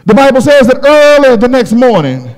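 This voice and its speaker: A man preaching a sermon, telling a Bible story with dramatic, shouted climaxes. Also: extremely high pitch, very animated, normal speed. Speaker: pastor. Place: church sanctuary. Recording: long hall reverb.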